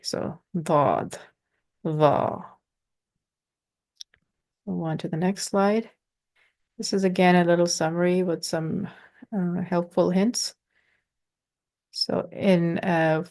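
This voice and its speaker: Slow gravelly woman teaching pronunciation. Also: on the low side, darkish tone. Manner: patient, halting, sounds out letters. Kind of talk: informal explanatory lesson.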